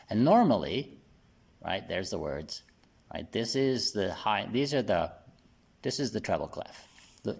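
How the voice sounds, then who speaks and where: A man giving a casual singing lesson, explaining step by step and often checking in with "right?" while playing a bass guitar. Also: creaky. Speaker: singing teacher.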